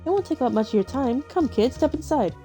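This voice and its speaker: A woman voicing a gentle, mournful female spirit in a mirror, speaking slowly and mysteriously in a husky alto. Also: high-pitched, expressive, soft background music, voice pushed up.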